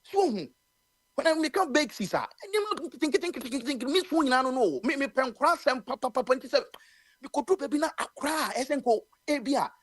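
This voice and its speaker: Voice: high voice, expressive, brisk, fairly bright tone, no echo. A radio talk show commentator with a Ghanaian accent, speaking heatedly with many stammered restarts. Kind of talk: impassioned call-in radio commentary.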